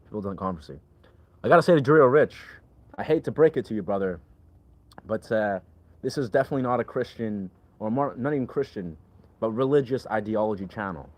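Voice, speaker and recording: A man's voice: lowish voice, lively intonation, fairly quick. A man chatting casually on a livestream, rambling, full of filler words, and replying to his chat. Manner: rambling, leans heavily on filler "like".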